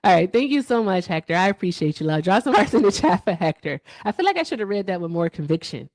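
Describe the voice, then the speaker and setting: A woman's voice: mid-range voice, big pitch swings, fast talker, darkish tone, dry recording, clean studio sound. A woman hosting a casual livestream, chatting with guests and viewers, laughing often and trailing off. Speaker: livestream host.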